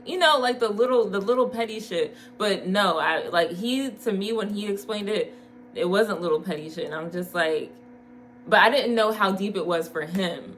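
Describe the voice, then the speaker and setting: A woman's voice: lowish voice, fairly bright tone. A young woman telling a dating story in a candid late-night vlog, laughing often and swearing casually. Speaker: vlogger.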